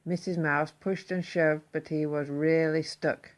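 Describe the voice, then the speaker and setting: A woman reading a children's story aloud, expressive and slowing down for emphasis. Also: sits low.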